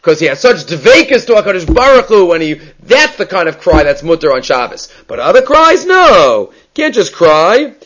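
Man, Talmud teacher, somewhat high voice, animated and questioning. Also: moderate pace, hardly any pauses. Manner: animated, rhetorical questions, mixes Hebrew terms. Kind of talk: daily Talmud class.

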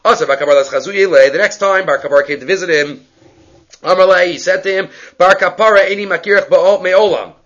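A man teaching a Talmud lesson, reading Aramaic and Hebrew aloud and explaining it in quick English, acting out each exchange. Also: high-pitched, highs cut off. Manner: animated, acts out dialogue with rising voice. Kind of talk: lively Talmud lecture.

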